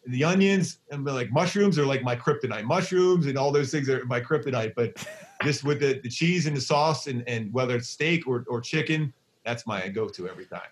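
A middle-aged man with a Philadelphia accent, talking as a guest in a casual interview. He tells stories excitedly, often restarting his sentences. His voice sits at an ordinary pitch. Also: a little fast. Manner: excitable storyteller, frequent restarts. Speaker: baseball broadcaster, guest.

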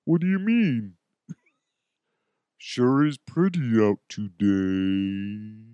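A man putting on a slow, stretched-out drawl as a deadpan prank voice. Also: mid-range voice, no echo, lo-fi sound. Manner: stretched-out, drawn slow words. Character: slow-drawling man messing with a stoned friend.

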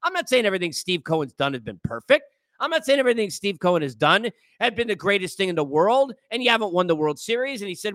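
A man rants through sports commentary in a high, sharp, forceful voice, lecturing his listeners with exasperation. The sound is dry and close, with no room around it. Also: very animated, quick pace, no echo. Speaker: sports podcast host.

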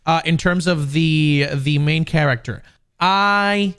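A man's voice: on the high side, slow, fairly bright tone, smooth. A man co-hosting a podcast in casual chat, talking hesitantly. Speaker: podcast co-host.

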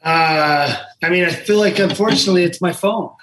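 A man's voice: high voice, a little fast, a little hiss or hum, low-quality recording. A middle-aged man, a former fighter, chatting casually as a podcast guest, often restarting his sentences. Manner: relaxed, rambling with repeated restarts. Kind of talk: casual chat.

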